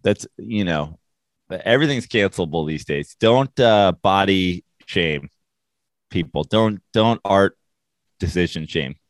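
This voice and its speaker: Deep-voiced sarcastic man on a podcast. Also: animated, unhurried, dry recording. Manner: sarcastic, joking, does mocking voices. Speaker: podcast co-host. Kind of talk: casual sports podcast banter.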